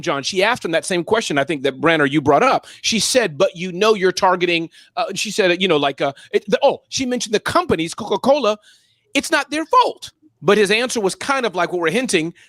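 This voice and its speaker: A man's voice: high voice, expressive, fairly quick, fairly bright tone, no echo. A man co-hosting a casual chat, talking loosely with slang and laughter. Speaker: co-host.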